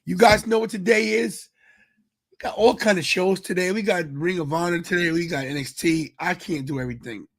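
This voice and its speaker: A man's voice: high-pitched, a little fast, fairly bright tone. A tired man, a father, hosting a casual live wrestling stream, rambling and greeting viewers in the chat. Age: adult with kids. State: tired, yawning. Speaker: podcast host.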